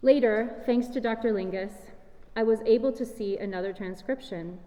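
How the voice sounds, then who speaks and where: A woman explains her approach to the music in a measured, scripted lecture, her voice mellow and dark. She speaks in a large hall whose long reverb trails after every phrase. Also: on the high side. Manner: measured, explanatory, sings short chant fragments. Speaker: singer and presenter. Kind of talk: scripted lecture-recital talk.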